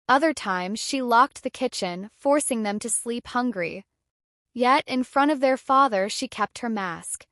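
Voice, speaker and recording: This is a woman telling a dramatic folktale with steady, even narration. Her pitch is on the higher side, and the sound is intimate and dry, free of any room reverb.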